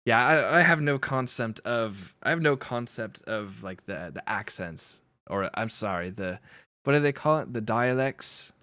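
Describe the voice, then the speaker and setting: A man's voice: medium pitch, expressive, a little slow, pushed and bright, no room sound. Guy streaming, chatty, laughs at himself a lot, dry close mic. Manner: chatty, laughing, self-deprecating. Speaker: livestream host. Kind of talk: casual chat with chat.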